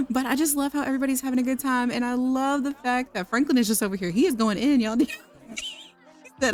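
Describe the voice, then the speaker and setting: A woman's voice: sits high, brisk. A woman giving casual, chatty gameplay commentary, gushing and laughing often as she walks through the scene. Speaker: let's play creator.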